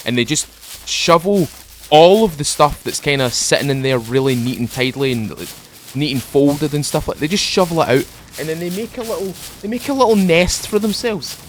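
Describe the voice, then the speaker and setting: A man at home talking into a desk microphone, giving a relaxed, rambling commentary while playing a game. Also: mid-range voice, a little hiss or hum. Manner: rambling, chatty, drifts off topic; mellow, laid-back morning mood. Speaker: gaming channel host. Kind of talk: casual let's-play commentary.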